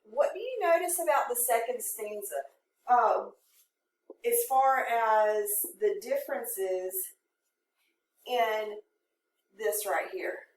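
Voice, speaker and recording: A woman's voice: a little high, slow, pauses often. A woman teaching a poetry lesson, explaining step by step and reading verse aloud in a classroom. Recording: echoey room from a distance, faint noise.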